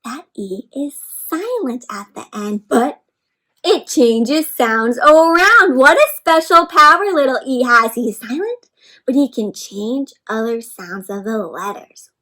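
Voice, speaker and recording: A woman reading a picture book aloud to children, animated and teacherly, gasping often and sounding out words. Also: high-pitched, slow pace. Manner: animated, with frequent gasps. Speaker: children's storyteller. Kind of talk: interactive read-aloud for kids.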